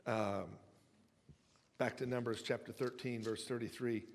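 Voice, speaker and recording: A pastor delivering a sermon in a conversational way, stumbling over and repeating words and retelling stories with humor. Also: male voice, mid-range voice, fairly even intonation, a little slow. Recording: long hall reverb.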